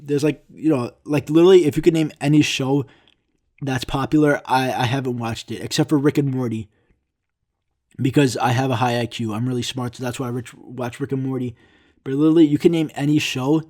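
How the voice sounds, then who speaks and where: A man's voice: medium pitch, a little mellow. A young man hosting a solo podcast, rambling through a casual rant with frequent swearing and self-mocking asides. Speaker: podcast host.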